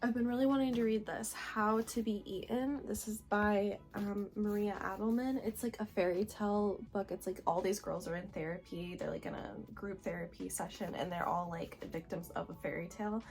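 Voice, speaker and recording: A young woman in her twenties talking excitedly to camera about books at home, gushing with lots of filler words. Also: medium pitch, normal speed, vocal fry, hardly any pauses. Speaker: book vlogger. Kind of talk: casual reading vlog chat.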